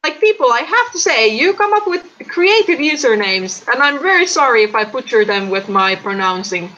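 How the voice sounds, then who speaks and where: A woman's voice: high-pitched, very animated, moderate pace, pushed and bright. A woman co-hosting a casual livestream, chatty and stumbling over usernames as she greets viewers. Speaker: stream co-host. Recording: dull lo-fi stream audio.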